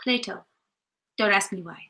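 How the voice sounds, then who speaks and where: A woman's voice: mid-range voice, normal speed, gravelly, bright, forceful tone. A woman in her thirties co-hosting a live stream, chatting casually and playfully breaking into song and rap. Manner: playful, jokey, bursts into song. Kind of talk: casual chat, sings and raps along to songs.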